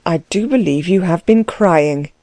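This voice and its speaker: A woman voicing a calm, dry-witted gentleman. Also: fairly low pitch, dry recording, close to an everyday voice. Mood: concerned. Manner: cool, measured, ironic. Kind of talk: audiobook character voice.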